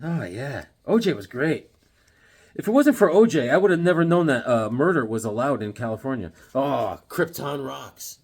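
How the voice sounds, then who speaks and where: A man showing off his comic book collection in a casual, jokey vlog, with sudden loud exclamations. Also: mid-range voice, big pitch swings, fairly quick, husky. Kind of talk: casual show-and-tell vlog.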